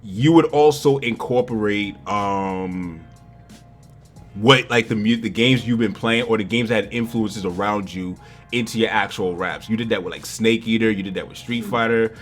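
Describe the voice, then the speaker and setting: A man hosting a podcast, excitable and bantering, often repeating words. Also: fairly low pitch, moderate pace, soft background music. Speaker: podcast host. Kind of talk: casual interview chat.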